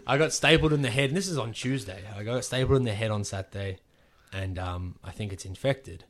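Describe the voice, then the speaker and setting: Aussie wrestler guy rattling off a story super fast, swears a lot, does everyone's lines. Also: fairly low pitch. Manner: animated, swears freely, acts out quotes. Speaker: pro wrestler telling a story. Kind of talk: casual podcast storytelling.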